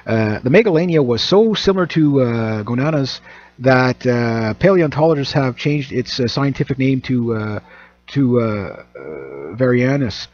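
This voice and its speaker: A man's voice: mid-range voice, lively intonation, a little slow, darkish tone. A man from Canada, hosting his own channel in a casual, rambling, joking monologue full of fillers and restarts. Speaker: channel host. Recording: dull lo-fi recording.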